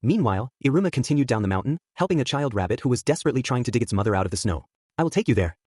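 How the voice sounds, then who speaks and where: A man's voice: mid-range voice, lively intonation, racing, darkish tone, husky, no echo, studio quality. A man narrating a fan fiction story in a dramatic storytelling manner. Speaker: fanfic narrator.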